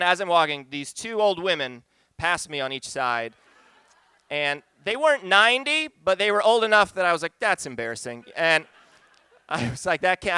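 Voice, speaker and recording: Man, live storyteller, bright forceful tone, smooth crisp voice, conversational and wry. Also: on the high side, no room sound. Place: pub stage, live event.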